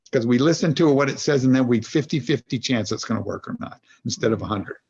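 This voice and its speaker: A man's voice: medium pitch, gravelly, dull audio. A man as a podcast guest and executive coach, talking in an earnest, meandering way and explaining his ideas through everyday examples. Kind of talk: reflective conversational storytelling.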